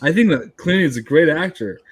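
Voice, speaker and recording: A man's voice: a little high, animated, fairly quick, a loud crowd. Blunt man sharing hot takes. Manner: blunt, offers hot takes, swears casually. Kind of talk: casual podcast discussion.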